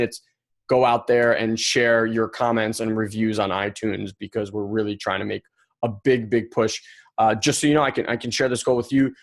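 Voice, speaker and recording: A man hosting a podcast, talking casually and animatedly about a personal insight and acting out quoted thoughts. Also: medium pitch. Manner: animated, acts out quoted inner voices. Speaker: podcast host. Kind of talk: casual motivational monologue.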